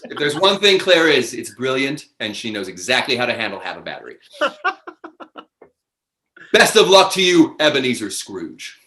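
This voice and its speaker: A man's voice: mid-range voice, very animated, normal speed, pauses often, pushed and bright, reverberant. A man hosting a live online improv comedy show, announcing the cast and rules with upbeat, theatrical patter over a video call.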